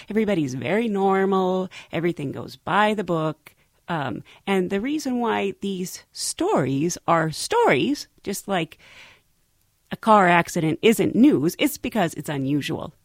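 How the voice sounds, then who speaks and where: A woman's voice: medium pitch, no echo. Woman podcast host, bouncy up-and-down voice, super dry close sound. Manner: friendly, reflective address to listeners. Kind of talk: scripted show outro.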